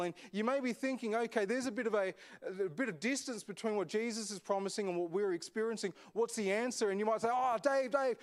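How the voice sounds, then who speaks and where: A man's voice: high-pitched, a little mellow. A man, a senior pastor, preaching a sermon in a conversational way, often asking the congregation questions. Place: echoey church hall.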